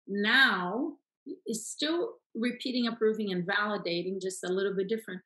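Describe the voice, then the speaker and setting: A woman's voice: mid-range voice, normal speed, pushed and bright. A woman teaching how to handle sales objections in an emphatic, repetitive coaching style, checking in with her listeners as she goes. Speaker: sales trainer. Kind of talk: coaching lesson. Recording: roomy echo.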